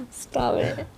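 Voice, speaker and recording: A woman vlogging outdoors over dinner, chatty and laughing easily in casual conversation. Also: warm tone. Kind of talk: casual chat while eating.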